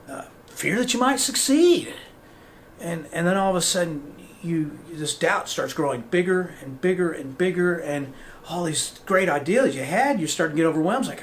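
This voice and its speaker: Guy hosting a motivational podcast, really animated, voice bouncing all over, faint hiss behind. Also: high voice. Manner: animated, acts out quoted voices. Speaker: podcast host. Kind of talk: motivational talk.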